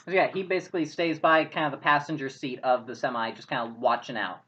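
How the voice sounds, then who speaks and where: A woman's voice: very deep voice, fairly even intonation, fast, fairly bright tone. A woman narrating as game master in a loose, casual way with many fillers. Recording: muffled lo-fi audio.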